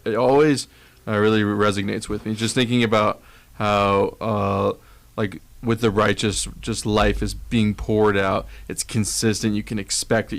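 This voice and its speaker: A thoughtful man reflects on scripture on a church podcast, pausing often with fillers. His voice is fairly low and gravelly. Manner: thoughtful, hesitant, many fillers. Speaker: podcast regular who reads the proverb.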